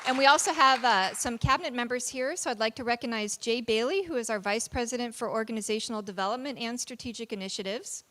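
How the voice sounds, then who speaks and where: A woman's voice: on the high side, quick pace, few pauses, pushed and bright, slight background noise. A woman, a college dean, giving a formal introduction into an amplified microphone in a university lecture hall, chatty with light laughs and fillers.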